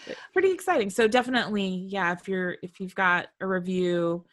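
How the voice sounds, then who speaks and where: A woman's voice: medium pitch, fairly quick. A woman co-hosting a podcast in casual, giggly chat, with many fillers. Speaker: podcast co-host.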